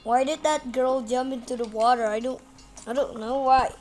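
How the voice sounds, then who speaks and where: A woman giving rambling, excitable let's play commentary, shrieking when startled. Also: sits high, normal speed. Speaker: gamer. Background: game music.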